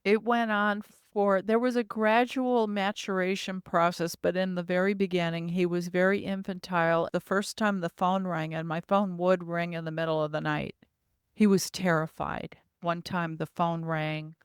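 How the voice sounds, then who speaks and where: A woman's voice: lowish voice, flat delivery, normal speed, clean tone, no echo. Female guest, earnest vivid storyteller, dry close sound. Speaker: podcast guest. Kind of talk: recounting personal experiences.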